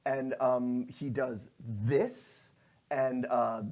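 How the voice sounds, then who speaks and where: A man narrating as game master of a tabletop game, lively, slipping into quick voices for his characters. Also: mid-range voice.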